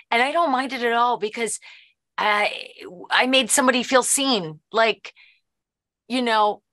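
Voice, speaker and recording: A middle-aged woman being interviewed, an actress and producer chatting casually and animatedly, jumping into quoted voices. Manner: animated, lively, jumps into high quoted voices.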